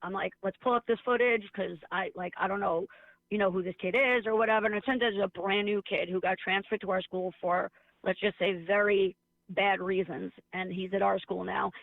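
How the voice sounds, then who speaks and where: A woman's voice: medium pitch, fairly quick, creaky, no echo. A woman who works as a teacher, chatting casually and telling stories with sarcasm, acting out the voices of the people in them. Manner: sarcastic, animated storyteller acting out dialogue. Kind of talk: casual chat. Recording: tinny phone-like line.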